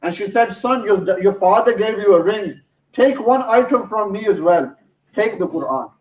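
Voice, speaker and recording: A man's voice: sits high, normal speed, a little hiss or hum. A man giving a sermon, telling a story in an earnest way. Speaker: preacher. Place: mosque hall. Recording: roomy, distant, dull sound.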